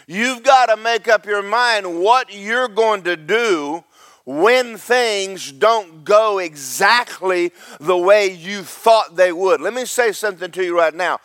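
High-voiced preacher, dry sound. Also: male voice, no echo. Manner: preaching with swings from loud and slow to quiet and quick. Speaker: pastor. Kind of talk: sermon.

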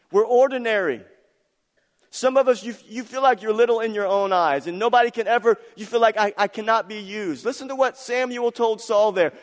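A middle-aged man preaching a sermon as pastor, animated and acting out the voices of the people in his story. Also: sits high, big-room sound.

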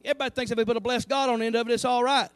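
A man preaching a sermon to his church, animated, breaking into asides and calling out to the congregation. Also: extremely high pitch, very fast, no echo. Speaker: pastor. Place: church sanctuary.

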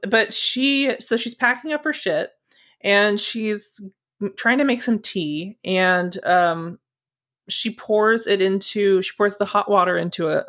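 A woman's voice: medium pitch, fairly bright tone. A woman co-hosting a casual movie podcast, retelling a scene in a chatty, laughing, sweary way. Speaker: podcast co-host.

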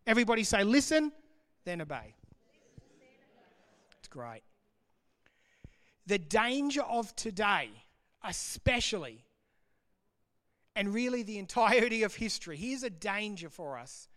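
A man preaching a sermon in an animated, conversational, jokey way. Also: high voice, a little slow, pauses often. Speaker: pastor. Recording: long hall reverb.

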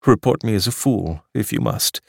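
A man reading aloud plays a fervent, speechmaking idealist who preaches liberation with oratorical fire. The voice sits very low and dry, pushed louder and a little higher for the character's grand declarations. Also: animated, moderate pace, gravelly, no echo. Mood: rueful.

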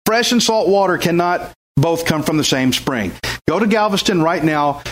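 A man preaching a sermon to a congregation, emphatic and exhorting, with rhetorical questions. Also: on the high side. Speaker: pastor.

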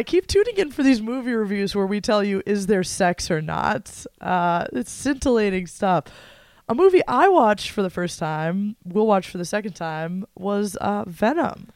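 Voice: mid-range voice, expressive, moderate pace, dry recording. A podcast co-host in casual chat, sarcastic and given to mock-dramatic speeches.

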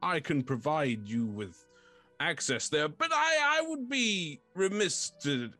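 A man voicing a lonely, shy living fort with a genteel, old-fashioned, stammering manner, pitched well above his own voice. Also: sing-song, slow pace, bright, forceful tone, faint music behind, full character voice. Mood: eager. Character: lonely, shy talking fort, polite and fussy.

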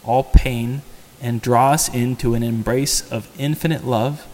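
A man's voice: mid-range voice, steady tone, measured pace, a little mellow. A man giving a homily as a priest, in a conversational sermon style that poses rhetorical questions to the congregation. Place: church. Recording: long church reverb.

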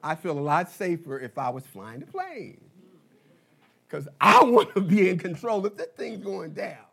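A male pastor preaching a sermon, telling a story slowly and dramatically, swinging between loud and soft. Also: high-pitched, very animated, vocal fry, slightly rough. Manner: slow dramatic storytelling with big swings in loudness.

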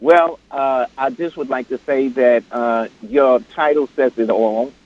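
A man's voice: medium pitch, a little slow. A man calling into a radio show, speaking hesitantly with many fillers. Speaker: caller. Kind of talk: call-in radio. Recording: tinny phone line.

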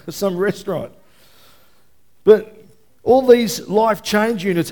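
A man with a noticeably high-pitched voice delivers a sermon from the pulpit. He talks conversationally rather than formally. He keeps turning to his listeners to check they are following. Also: darkish tone. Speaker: pastor.

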